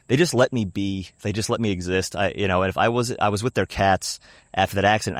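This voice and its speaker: Low-voiced man telling a raw personal story. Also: dry recording, studio quality. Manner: emotional, confessional, swears casually, swings between hushed and animated.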